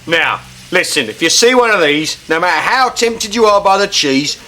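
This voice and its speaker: A middle-aged English man playing a blustering pub landlord in a sitcom, given to shouting outbursts. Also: sits high, expressive, normal speed. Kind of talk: sitcom acting. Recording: sitcom audio with loud background noise and audience laughter.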